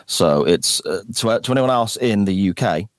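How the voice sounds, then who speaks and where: A man's voice: fairly low pitch, expressive, no room sound, clean studio sound. A man in his forties with a Gloucestershire English accent, chatting as a podcast guest. He says "f" for "th", restarts a lot and laughs at himself. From England. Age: 40s. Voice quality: pronounces "th" as "f". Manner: chatty, self-deprecating, quick to laugh, frequent restarts. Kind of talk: casual chat.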